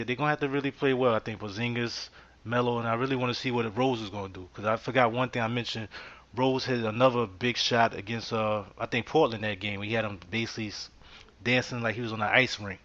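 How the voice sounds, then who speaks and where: A man hosting a casual sports podcast, speaking easily in a bright, forward voice. He leans on fillers as he goes. The audio is muffled and lo-fi. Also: on the low side. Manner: easygoing, many fillers. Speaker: podcast host.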